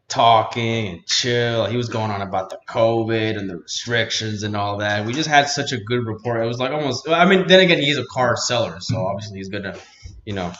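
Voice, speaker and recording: A man hosting an interview, telling stories in a relaxed, slangy, casual way. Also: on the low side, fairly quick. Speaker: podcast host. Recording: dull, slightly echoey room.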